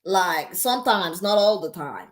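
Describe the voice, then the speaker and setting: A woman's voice: on the low side, animated, measured pace. A woman hosting a reaction video, giving sassy, emphatic casual commentary and laughing often.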